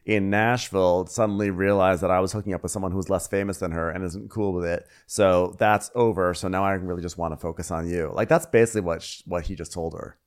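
A man with a very deep voice co-hosts a comedy podcast. He retells reality TV scenes sarcastically and slips into mocking voices for the quotes. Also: fairly even intonation, fast, hardly any pauses. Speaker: podcast co-host. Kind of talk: comedic recap chat.

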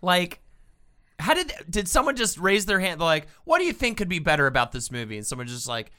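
Lively, bright-voiced male podcast host. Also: high-pitched, brisk. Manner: lively, wry, reads quotes aloud. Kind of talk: casual comedic chat.

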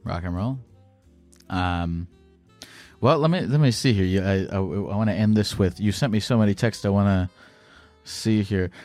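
With faint music behind him, a podcast host takes calls and chats casually, stumbling through frequent restarts and fillers. His voice is fairly low and somewhat dark in tone.

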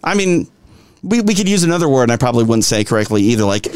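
A man's voice: on the high side, very animated, fairly quick, dry recording. A man with a Minnesotan accent co-hosting a casual sports podcast, rambling through fillers and restarts. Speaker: podcast co-host.

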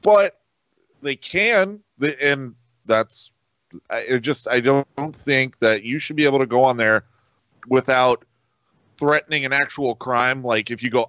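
A man co-hosting a podcast, blunt and halting, swearing in casual chat. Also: medium pitch, fairly bright tone, no echo. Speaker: podcast co-host. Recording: dull dry lo-fi mic.

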